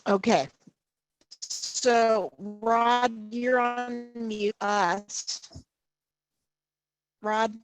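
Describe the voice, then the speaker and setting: A woman presenting a live safety training webinar over a video call, slow and halting, often pausing to check in with "okay". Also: fairly high pitch, steady tone, soft background music. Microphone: computer mic over video call.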